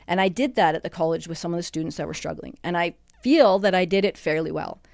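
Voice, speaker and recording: A middle-aged woman, a podcast guest recounting a hard time in a halting, emotional way with many restarts. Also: lowish voice, gravelly, darkish tone, no echo, studio quality. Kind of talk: personal interview. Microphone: studio microphone.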